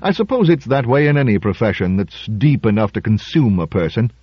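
Hesitant musician, breathy, raised pitch, dull lo-fi sound, as a man puts him on. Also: big pitch swings, a little fast, dry recording. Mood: confiding. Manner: hesitant, defensive. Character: uneasy male concert violinist, guarded.

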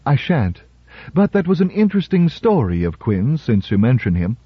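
A man's voice: mid-range voice, sing-song, normal speed, breathy edge, dry recording, dull audio. A man playing a dry, perceptive woman scientist. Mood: dry, probing.

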